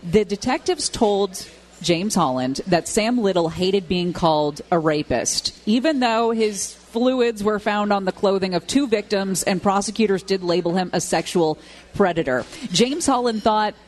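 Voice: mid-range voice, lively intonation, a little slow. Radio co-host narrating a news story. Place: live broadcast from a restaurant.

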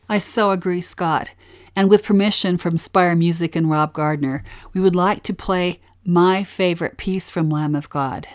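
A woman's voice: fairly low pitch, moderate pace, no room sound. A woman co-hosting a devotional podcast, talking in an earnest, heartfelt way. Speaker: co-host.

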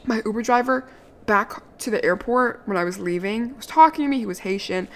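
A young woman from the Washington, D.C. area telling a casual, animated story, full of "like" fillers and the odd swear word. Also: a little high, fairly quick. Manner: chatty, animated, lots of "like" fillers, occasional swearing. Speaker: vlogger.

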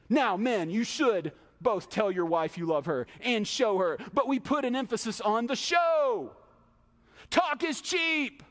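A male pastor preaching a sermon in a church, emphatic, with rhetorical questions and quick acted-out asides. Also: very high voice, expressive, fairly bright tone. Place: church hall. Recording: long hall reverb.

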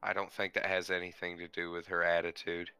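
A man's voice: low-pitched, completely flat delivery, a little fast, sharp tone, clear, resonant tone, faint music behind. A man playing in a tabletop game, dry and matter-of-fact. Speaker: player. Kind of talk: casual tabletop play.

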